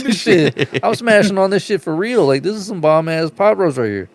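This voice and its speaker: A man co-hosting a comedy podcast, telling crude stories in profane casual banter, laughing often and acting out other voices with big jumps in pitch. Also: very animated, brisk, few pauses, no room sound. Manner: profane storyteller, laughs through his stories. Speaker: podcast co-host. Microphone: podcast studio mic.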